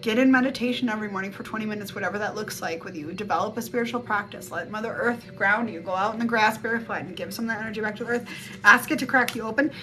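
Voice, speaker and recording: A woman's voice: medium pitch, racing, bright, forceful tone. A woman giving a casual psychic reading on a live stream through a phone mic, rambling and blunt, swearing freely. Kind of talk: casual spiritual reading chat. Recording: music playing behind the voice. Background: music.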